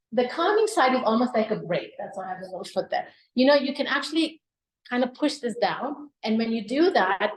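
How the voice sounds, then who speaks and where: Woman with a slightly high voice teaching a wellness class, keeps asking "right?". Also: poor audio. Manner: explains with questions and frequent "right?". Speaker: wellness presenter. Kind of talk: live health talk to an audience.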